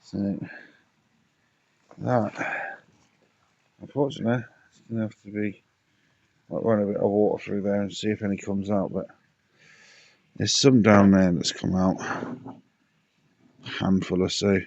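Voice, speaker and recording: A man's voice: lowish voice, level tone, unhurried, creaky, long pauses, darkish tone. A man casually talking through pond repairs outdoors, muttering to himself and out of breath, recorded on dull lo-fi audio. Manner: muttering, self-talking while working. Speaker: pond keeper vlogger. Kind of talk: casual DIY vlog commentary.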